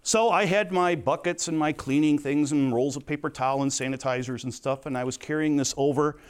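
A middle-aged man teaching a sermon in earnest, storytelling fashion, moving between soft asides and emphatic points. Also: a little high, brisk, clean tone. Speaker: Bible teacher.

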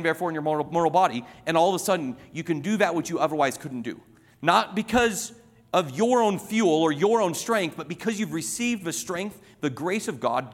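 Emphatic preacher in a reverberant hall. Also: male voice, high-pitched. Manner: emphatic, repetitive, tells illustrations. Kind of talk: sermon.

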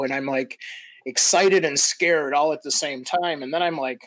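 An older man from the American Midwest, a podcast guest telling stories in a casual, animated way, laughing as he acts out quotes. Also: medium pitch, normal speed, no room sound. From Midwestern United States. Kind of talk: casual storytelling.

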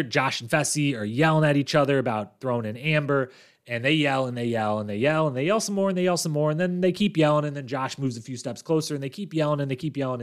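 A man hosting a casual recap podcast, with a mid-pitched voice. He talks in a chatty, animated way, telling stories and tossing in quick asides. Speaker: podcast host.

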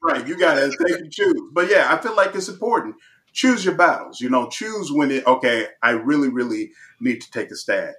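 A man's voice: medium pitch, lively intonation, moderate pace, a bit bright. A man co-hosting a casual chat show. He laughs often and acts out quotes. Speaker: podcast co-host.

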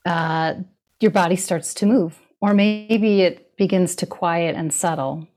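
A middle-aged woman with a somewhat low voice talks in a relaxed conversation. She is thoughtful and reflective, and laughs easily. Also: a little slow, faint music behind. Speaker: guest. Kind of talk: casual conversation.

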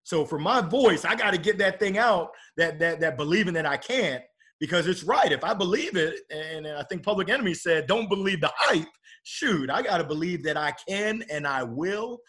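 A man's voice: on the high side, expressive, moderate pace, fairly bright tone. A middle-aged man speaking as a podcast guest in a casual, upbeat and motivational way about faith and his work.

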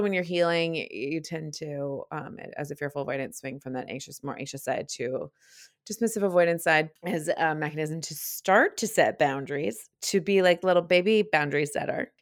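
A young woman hosts her own podcast in a relaxed, candid ramble, a little out of breath as she talks. Her voice sits on the lower side for a woman, and she laughs easily and swears casually. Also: smooth, no echo, clean studio sound. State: slightly out of breath. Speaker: podcast host. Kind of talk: casual solo podcast talk.

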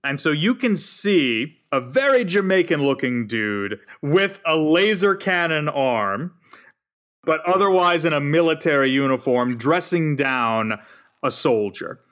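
A man's voice: on the high side, animated, a little slow, fairly bright tone. Guy running a tabletop rpg, laid-back scene-setting narration. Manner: descriptive, easygoing. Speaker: game master.

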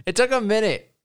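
A woman's voice: on the high side, clean tone. A woman co-hosting a podcast, chatting casually about a TV episode with dry, teasing humor. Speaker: podcast co-host. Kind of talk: casual recap chat.

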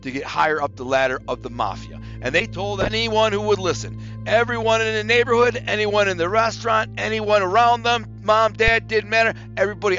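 A man casually telling stories from his past in a streetwise, animated way, acting out what others said. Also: sits high, brisk, dull audio, faint music behind. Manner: streetwise, animated, quotes others in acted voices. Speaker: storyteller recalling his past. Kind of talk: casual storytelling monologue.

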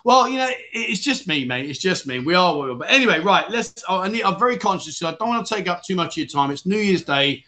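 A man's voice: sits high, animated, fast, few pauses, sharp tone. A British man hosting a casual livestream, out of breath, chatty and jokey, rambling with self-corrections. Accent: British English. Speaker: livestream host.

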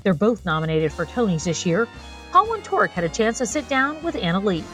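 A woman's voice: medium pitch, sing-song, brisk. Upbeat woman host over music. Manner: upbeat, polished. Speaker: show host. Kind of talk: scripted introduction.

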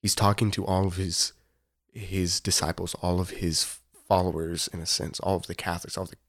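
A man's voice: low voice, flat delivery, fairly quick. A young man hosting a casual faith podcast, talking earnestly and rambling, with frequent fillers and laughs. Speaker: podcast host.

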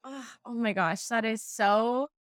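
A woman's voice: a little high, measured pace, clean tone, no room sound, studio quality. A woman hosting a podcast, asking her guest questions in an effusive, encouraging way. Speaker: podcast host. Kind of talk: interview questions.

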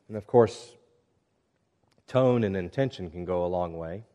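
A man preaching a sermon, reading scripture and speaking in a measured, earnest way that drops to hushed tones at times. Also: low-pitched. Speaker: pastor.

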